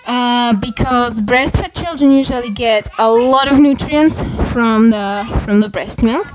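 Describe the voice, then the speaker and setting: A woman's voice: a little high, unhurried, dull audio. Direct woman giving parenting advice, noisy room. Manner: direct, explanatory, often adds "okay?" and "you know". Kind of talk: casual chat. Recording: audible background noise.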